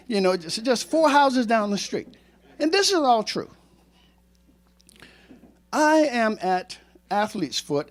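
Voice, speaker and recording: A man in his sixties, a former teacher and coach, telling a true story to a live audience in an animated, joking way with self-mocking asides. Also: high-pitched.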